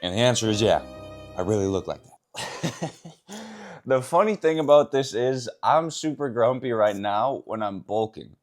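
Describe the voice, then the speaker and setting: A man's voice: medium pitch, animated, unhurried, long pauses, soft background music. A young man talking casually to camera in a fitness vlog, joking at his own expense and laughing often. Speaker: fitness vlogger. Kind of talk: casual self-filmed vlog.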